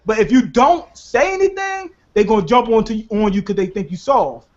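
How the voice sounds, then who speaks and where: A man co-hosting a casual chat, telling profane, animated stories and laughing often. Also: high-pitched, brisk. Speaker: podcast co-host. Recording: dull lo-fi recording.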